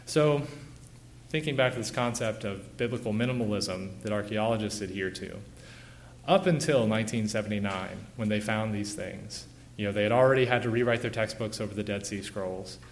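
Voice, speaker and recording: A man in his thirties giving an informal illustrated lecture, relaxed, with many "uh" and "you know" fillers. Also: fairly low pitch, moderate pace, slight background noise.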